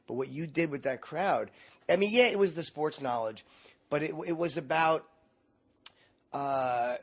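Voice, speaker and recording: A man who is a comedian, speaking as a guest in casual podcast chat, halting and repeating words as he searches for them. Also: a little high.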